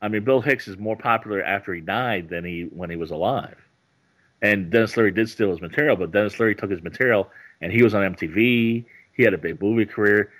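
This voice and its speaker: A male stand-up comedian chatting as a podcast guest, rambling with halting restarts. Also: fairly low pitch, fairly bright tone. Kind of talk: casual podcast interview.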